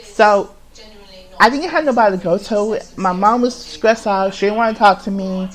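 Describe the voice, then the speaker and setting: A man hosting his own podcast, telling his story in a confessional monologue, rambling and halting with many restarts, heavy swearing and an agitated, emotional manner. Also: high voice, rough recording. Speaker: podcast host.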